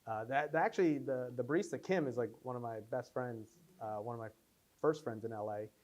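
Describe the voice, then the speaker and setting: A man's voice: mid-range voice, a little fast. A young man answering audience questions after a film screening, telling stories with lots of fillers and restarts. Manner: rambling, animated storytelling with many fillers. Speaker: filmmaker at Q&A. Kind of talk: casual post-screening Q&A.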